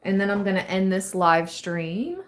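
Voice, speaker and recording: A woman giving a casual live-stream tarot reading, chatty and thinking aloud with drawn-out phrases. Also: mid-range voice, animated, background noise. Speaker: tarot reader.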